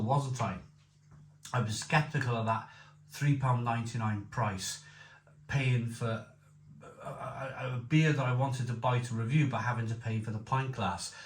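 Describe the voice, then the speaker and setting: Guy rambling happily about a beer, repeats himself a lot, echoey room, bit of hiss. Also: medium pitch. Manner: enthusiastic, repetitive, rambling. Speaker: beer reviewer. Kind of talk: casual beer review. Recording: echoey room with faint noise.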